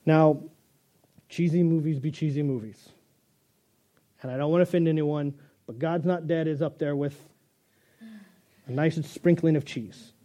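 A man's voice: a little high, mellow. A male pastor delivering a conversational sermon, joking and restarting as he goes.

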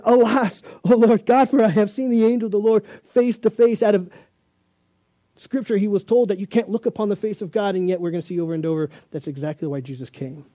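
A man preaching a sermon, reading scripture and acting out the dialogue of biblical figures with animated energy. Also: high-pitched, no echo. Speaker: pastor.

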